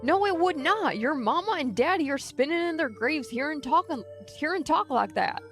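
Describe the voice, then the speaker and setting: A woman's voice: high voice, expressive, normal speed, soft background music, pitched above the performer's own voice. A woman voicing a stern, folksy old rural man with a drawl. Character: gruff old rural man with a bad hip.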